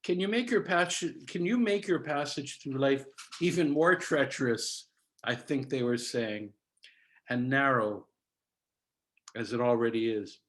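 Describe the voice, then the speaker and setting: Via video call, a Canadian cantorial soloist in his seventies gives a measured, teaching-style story with Yiddish words mixed in. His pitch is medium.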